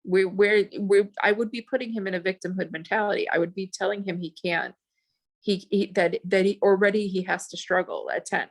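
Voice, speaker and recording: A woman in her forties, a podcast guest, talking in a rambling, animated way with many restarts. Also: mid-range voice, a little fast. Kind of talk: casual podcast chat.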